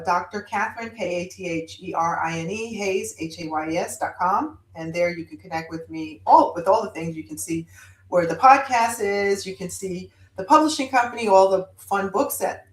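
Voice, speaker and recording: A woman guest author telling a story in casual chat, animated and given to sudden loud bursts. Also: mid-range voice, roomy sound, rough recording.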